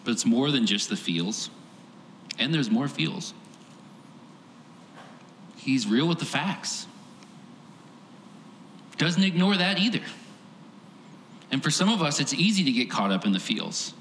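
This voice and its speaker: A man's voice: mid-range voice, very animated, unhurried, pauses often, a bit bright, slight background noise. A man preaching a sermon as pastor, earnest and emphatic, stacking repeated phrases for effect. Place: large church hall. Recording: echoey hall with long reverb.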